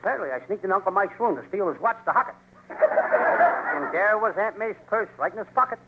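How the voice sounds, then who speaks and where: Casting: man, very high voice, quick childish wisecracker, old radio comedy. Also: huge pitch swings, heavy background noise. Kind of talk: 1940s radio comedy double act. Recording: tinny old radio broadcast.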